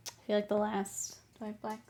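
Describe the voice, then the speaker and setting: A woman's voice: medium pitch, completely flat delivery, brisk, dark tone. A woman streaming her miniature painting, chatting casually, laughing often and answering her chat while she works.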